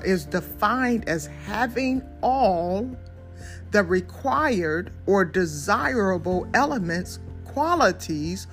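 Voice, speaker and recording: A woman preacher delivering a sermon in a fervent, emphatic way, repeating key phrases. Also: mid-range voice. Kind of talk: sermon with sung worship opening.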